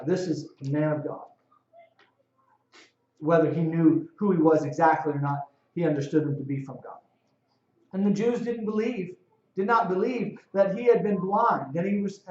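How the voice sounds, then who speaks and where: A man preaching a sermon, reading scripture aloud and explaining it in a relaxed, conversational way with dry humor. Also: fairly high pitch. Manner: conversational, reads scripture aloud and adds sarcastic paraphrase. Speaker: pastor. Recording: echoey room, dull lo-fi sound.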